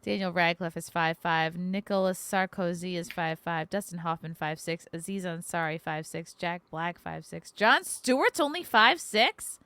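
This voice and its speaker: A woman's voice: on the low side, little pitch movement, moderate pace, hardly any pauses, clear, resonant tone, dry recording. A woman hosting a podcast, reading facts aloud in casual chat and cracking crude jokes. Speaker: podcast host.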